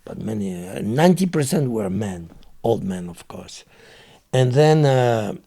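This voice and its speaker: A man with a French accent, a guest telling his story in halting, broken English with many fillers. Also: mid-range voice, lively intonation, creaky, warm tone. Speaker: interview guest. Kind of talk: casual storytelling.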